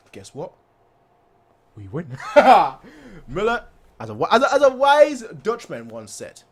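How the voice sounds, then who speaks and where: A young man hosting a fan channel, chatting excitedly after a match, boastful and repeating himself for effect. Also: sits high. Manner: animated, boastful, repeats phrases, acts out players' voices.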